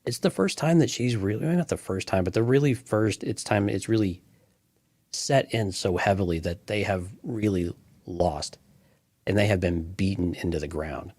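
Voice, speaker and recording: Male co-host, deep voice, thoughtful and earnest, dry close recording. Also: normal speed, darkish tone, no room sound. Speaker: podcast co-host. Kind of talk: casual fan podcast chat.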